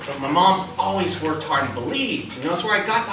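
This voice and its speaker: A man giving an energetic motivational talk to students, telling his story and asking the audience questions. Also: a little high, fairly quick, few pauses, a crowd in the background. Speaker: motivational speaker. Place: middle school hall. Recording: very echoey, distant, noisy hall.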